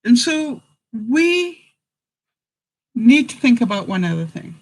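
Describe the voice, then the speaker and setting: A man's voice: very high voice, big pitch swings, slow pace, a little hiss or hum, rough recording. A man from England, hosting a casual vlog and answering viewers in a rambling way, often chuckling and full of fillers. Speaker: vlogger host.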